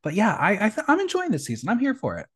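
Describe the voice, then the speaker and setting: Animated podcast host, lively pitch. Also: fast, slightly rough. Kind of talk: casual chat.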